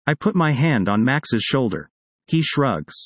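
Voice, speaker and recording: A man reading a personal essay aloud in a wry, expressive storytelling manner. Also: medium pitch, unhurried, breathy edge, no room sound. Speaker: narrator.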